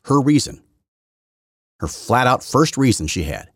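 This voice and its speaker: Husky-voiced sarcastic male podcast host. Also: mid-range voice, big pitch swings, measured pace, long pauses, no room sound, clean studio sound. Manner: sarcastic, mocking, repeats and restarts. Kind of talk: opinion commentary monologue.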